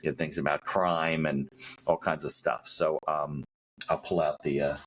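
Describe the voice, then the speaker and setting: Man, very low voice, podcast host, rambling casual questions. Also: little pitch movement, moderate pace, fairly bright tone, a little hiss or hum. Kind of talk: casual interview.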